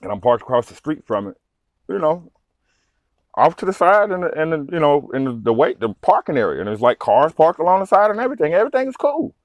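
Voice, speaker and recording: A man, a truck driver, telling a story in a casual vlog, animated, swearing freely and full of fillers. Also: a little high, fast, no echo, dull audio.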